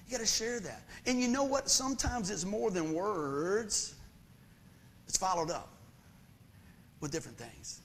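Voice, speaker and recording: A man's voice: sits high, animated, measured pace, pauses often, a bit bright. A middle-aged preacher man, preaching a sermon in a folksy, conversational storytelling way.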